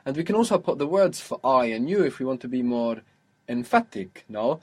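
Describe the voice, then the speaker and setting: A man's voice: medium pitch, very animated, a little fast. A man teaching a one-on-one lesson, explaining patiently and repeating words for the learner. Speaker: Arabic teacher.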